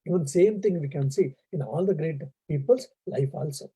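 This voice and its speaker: A man's voice: on the high side, moderate pace, warm tone, slightly rough, rough recording. A man, a monk, giving a spiritual lecture that mixes teaching with stories, speaking in an earnest, explanatory way with frequent fillers. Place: embassy lecture event.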